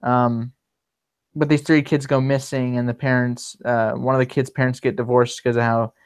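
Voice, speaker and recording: A man chatting casually on a livestream as the host, his voice smooth and resonant. He rambles along, full of ums and restarts, at an ordinary middle pitch. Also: little pitch movement, moderate pace. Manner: rambling, many fillers and restarts.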